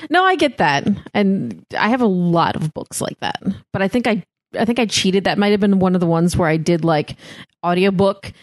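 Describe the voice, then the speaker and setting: A woman's voice: medium pitch, animated, moderate pace, dry recording, studio quality. A woman co-hosting a podcast in casual chat, rambling with lots of fillers. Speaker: podcast co-host.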